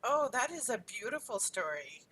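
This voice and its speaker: A woman's voice: a little high, sing-song, moderate pace, a bit bright, slightly rough, low-quality recording. A woman hosting a podcast who responds to her guest in an affirming, reflective way. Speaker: podcast host. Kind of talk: casual interview chat.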